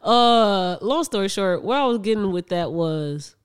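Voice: medium pitch, animated, a little slow, clean tone. A young adult podcast co-host in casual chat, telling stories with frequent laughs and mid-sentence restarts.

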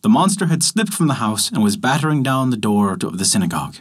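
In a scripted storybook reading, a man narrates an old folktale in a measured storytelling style. His husky voice is very animated, with pitch rising and falling widely.

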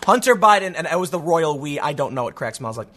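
A man from the US Midwest delivers a heated, sarcastic political monologue in a high, bright voice with a husky edge. He stumbles and restarts as he reads out news excerpts. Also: sing-song, quick pace. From Chicago, US. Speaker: political commentator.

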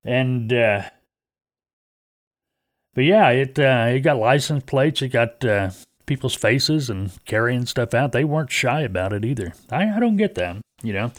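Male podcast host, folksy rambling delivery, mid-pitched, dry close sound. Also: measured pace, dry recording. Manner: rambling, folksy, many fillers and restarts. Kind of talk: casual podcast talk.

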